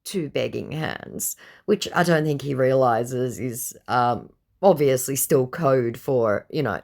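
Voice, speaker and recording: Blunt, sarcastic low-voiced woman. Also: slow pace, vocal fry, a little mellow. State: tired from the heat. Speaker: vlogger recounting scam-bait chats. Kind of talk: casual storytelling to camera.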